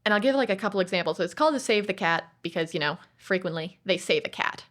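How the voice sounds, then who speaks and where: A woman's voice: lowish voice, lively intonation, fast talker, hardly any pauses, fairly bright tone. A woman co-hosting a podcast, chatting casually about movies in a digressive way and acting out other people's lines. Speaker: podcast co-host.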